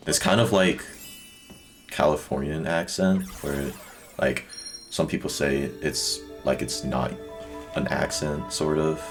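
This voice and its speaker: A young man streaming a speedrun, chatting loosely with viewers and filling his talk with "like". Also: extremely low pitch. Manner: rambling, full of "like" fillers. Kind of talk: casual chat with stream chat. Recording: loud game music behind voice.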